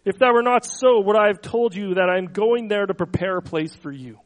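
A man with a high-pitched voice delivers a sermon. He slows down and lifts his voice when reading scripture, then trails off softly at the ends of thoughts. Between quotes he stumbles and repeats small words. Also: poor audio. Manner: earnest, slows and swells on scripture quotes, soft trailing endings. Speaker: pastor.

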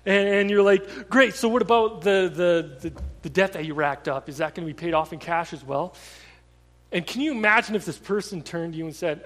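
A man preaching a sermon in a conversational way, telling stories with lively energy and often restarting his sentences. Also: high-pitched, a little fast, long reverb tail. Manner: conversational, animated storytelling with repeated restarts.

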